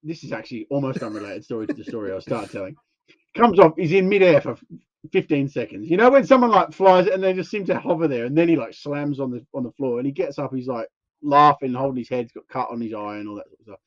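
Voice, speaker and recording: Fast-talking man telling a story. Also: medium pitch, dry recording, highs cut off. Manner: rambling, animated anecdote with acted-out quotes. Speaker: podcast co-host. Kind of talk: casual storytelling chat.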